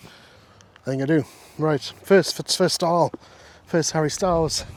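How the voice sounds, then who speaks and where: A man's voice: fairly high pitch, unhurried. A man vlogging on a countryside walk, chatting and joking with viewers and the sheep he passes. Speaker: walking vlogger. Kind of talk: casual walking vlog chat. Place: outdoors on countryside fields and paths. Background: faint wind outdoors.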